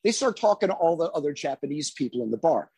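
A man, a guest musician, telling a road anecdote in a casual, animated storytelling manner. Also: fairly high pitch, quick pace, gravelly, husky, dry recording.

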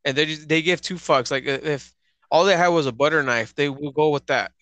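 A man's voice: on the high side, fairly quick, a bit bright, dry recording, dull audio. A man who is a guest on a casual movie review chat, talking loosely and swearing. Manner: loose, swearing, with restarts and fillers. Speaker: podcast guest.

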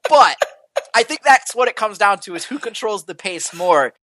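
Playful podcast co-host, bright and lively delivery, dry recording. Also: medium pitch, moderate pace, no echo. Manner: playful, jokey. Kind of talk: casual esports betting chat.

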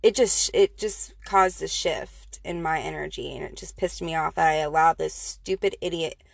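A woman's voice: sits low, normal speed, gravelly, no echo. A woman casually telling a personal story, rambling with many fillers and restarts.

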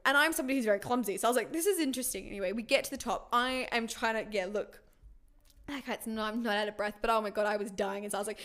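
A woman co-hosting a casual chat, telling a date story with lots of laughter and animated retelling. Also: fairly high pitch, quick pace.

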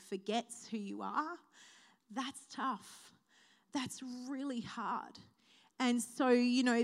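A woman preaching a sermon at a church service, speaking heartfelt and building to a rising preaching cadence. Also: a little high.

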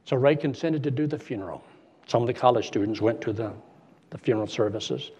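Husky male preacher telling a story from the pulpit and acting out its dialogue, recorded lo-fi. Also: mid-range voice, a little fast, a little mellow. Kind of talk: sermon storytelling.

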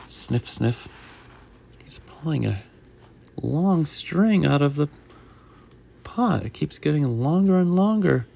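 A man reading a picture book aloud with a child, in a gentle, chatty way, often stopping to ask questions. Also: a little high, sing-song, takes it slowly, creaky, pauses often. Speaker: storybook reader.

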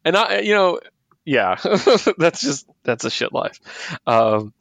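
A man's voice: a little high, very animated, slow, gravelly, fairly bright tone, no room sound. A man co-hosting a podcast, casually recapping comic books, laughing often and acting out the characters' lines. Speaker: podcast co-host. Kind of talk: casual comic book discussion.

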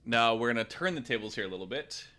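A man hosting a casual podcast chat, relaxed as he steers the talk with questions. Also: medium pitch, quick pace. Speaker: podcast host.

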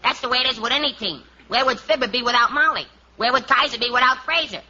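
A man doing 1940s radio comedy with a high, whiny comic voice. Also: quick pace, sharp tone. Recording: dull lo-fi old radio recording.

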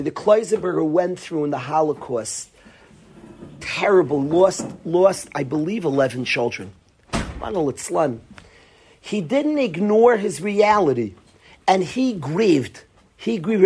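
A man's voice: high-pitched, darkish tone, a little hiss or hum. A man, a rabbi, giving an earnest Torah lecture to yeshiva students, often repeating phrases for emphasis.

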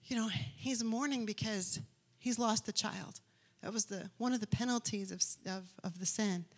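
Lady preacher, kinda high voice, really into telling the story. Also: a bit bright. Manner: impassioned storytelling, acts out the characters' lines. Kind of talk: sermon.

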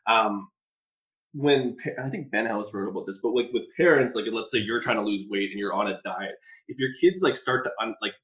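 A man's voice: lowish voice, brisk, fairly bright tone, poor audio. A man co-hosting a podcast, talking loosely with "like" fillers and swearing. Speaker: podcast co-host. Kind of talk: casual podcast conversation.

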